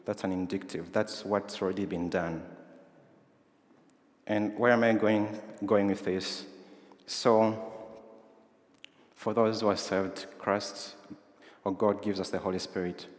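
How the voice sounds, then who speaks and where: Preacher, male, lowish voice, conversational, asks the room questions; hall reverb. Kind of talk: sermon. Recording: roomy hall with long reverb.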